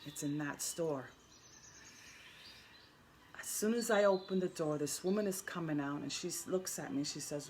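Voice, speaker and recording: A woman's voice: deep voice, moderate pace, long pauses, a little mellow, a little hiss or hum. A woman telling an earnest personal story in a casual vlog, often repeating and restarting her words. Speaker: spiritual vlogger.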